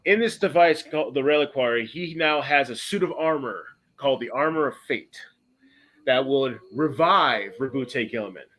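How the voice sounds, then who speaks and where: A man hosting a podcast, casually retelling a story in a rambling way, correcting himself often and breaking into bursts of excitement. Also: medium pitch, normal speed. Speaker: podcast host.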